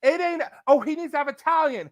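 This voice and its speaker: A man's voice: very high-pitched, expressive, fairly quick, slight background noise. A man hosting a podcast, ranting in casual, opinionated chat and breaking into impressions.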